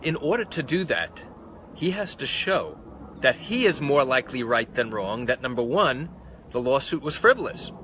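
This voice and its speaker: A man's voice: medium pitch, very animated, moderate pace, fairly bright tone, slight background noise. A man, a malpractice lawyer, explaining a legal point on a live stream, counting off points one by one, into a phone held close. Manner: methodical, counts points off by number.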